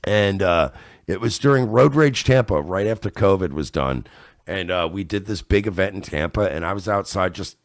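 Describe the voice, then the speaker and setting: A man chatting casually as a podcast guest, animated and fond of acting out other people. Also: low-pitched, normal speed, no echo, clean studio sound. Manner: animated, acts out others in loud voices. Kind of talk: casual chat.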